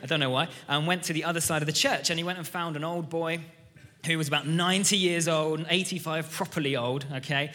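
Bright-voiced preacher in a ringing hall. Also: male voice, a little high, steady tone, quick pace. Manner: enthusiastic, conversational, storytelling. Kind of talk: sermon. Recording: reverberant church hall.

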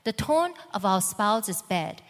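A woman teaching calmly about marriage alongside a preacher. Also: mid-range voice, a little slow. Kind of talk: sermon teaching. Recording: long hall reverb.

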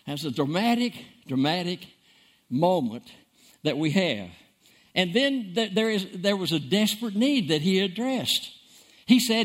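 A man preaching with a high, lively voice that climbs and dips all over. He hammers key words by repeating them and swings from loud bursts to hushed lines. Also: normal speed. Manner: emphatic, repeats words for stress, dramatic swings in loudness. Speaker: pastor. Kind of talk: sermon.

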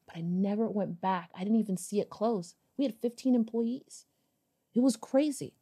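A woman guest on a podcast, telling a personal story in a casual, animated way, acting out bits of dialogue and swearing now and then. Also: mid-range voice, moderate pace, breathy edge. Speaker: podcast guest, business owner.

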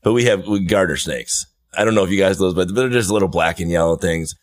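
A man hosting a podcast, telling stories in a loose, animated way and swearing casually. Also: low voice, fast. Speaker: podcast host. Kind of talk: casual chat.

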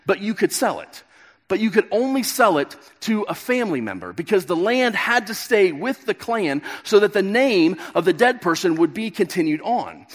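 A man's voice: high-pitched, a bit bright. A man in his thirties giving a sermon, retelling a story and acting out the characters' lines. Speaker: pastor. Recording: long reverb of a large hall.

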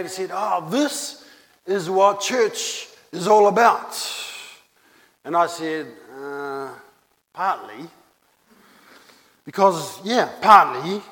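A high-voiced man delivers a sermon at a slow, deliberate pace. He leans on repetition to drive home his key phrases. His voice carries a long reverb, as if filling a church hall. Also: a bit bright. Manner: earnest, repeats key phrases for emphasis. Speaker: pastor.

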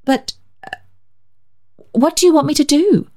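A woman voicing a timid, hopeful young woman who speaks brightly and falters when nervous. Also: medium pitch, lively intonation, a little slow, pitched above the performer's own voice, natural voice. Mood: flustered.

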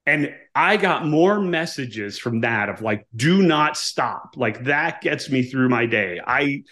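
Male guest in his forties, mid-pitched, casual storyteller who acts out dialogue. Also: takes it slowly. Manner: animated storyteller, acts out quoted dialogue, frequent "right?". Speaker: guest, author and former navy pilot.

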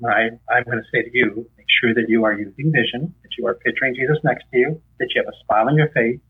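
A man with a husky voice, a guest in an interview, teaching on faith in a conversational way and animatedly acting out dialogue. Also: fast. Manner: animated storyteller, acts out dialogue with rising pitch. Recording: tinny phone-line sound.

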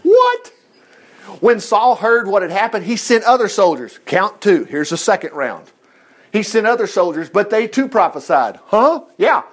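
Male Bible teacher, higher voice, animated, chatty, chuckles as he goes. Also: normal speed.

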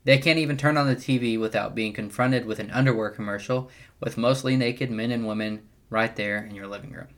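A man's voice: on the low side, fairly even intonation, a little fast, a bit bright. Earnest man teaching Scripture. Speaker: podcast host teaching the Bible.

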